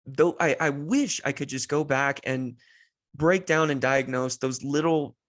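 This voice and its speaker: A man's voice: medium pitch, a little slow, a bit bright. A man in his thirties hosting a podcast, telling a heartfelt personal story in a rambling way with many restarts, sounding close to tears. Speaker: podcast host.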